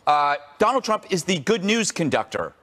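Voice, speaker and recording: Sarcastic quick-witted male panelist. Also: high-pitched, big pitch swings, fairly bright tone, long reverb tail. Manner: sarcastic, rapid, mocking impressions. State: out of breath. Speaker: co-host. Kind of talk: panel talk show banter.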